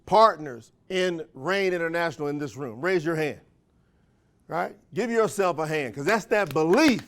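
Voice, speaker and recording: A man giving a live motivational speech at a sales training, full of rhetorical questions and folksy call-and-response. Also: high voice. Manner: folksy, countrified phrasing. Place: event room.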